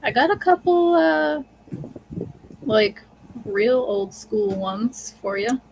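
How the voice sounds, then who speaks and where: A podcast co-host chatting casually about horror films, unhurried and hesitant, sometimes stumbling over words. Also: mid-range voice, expressive, gravelly. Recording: noisy home recording.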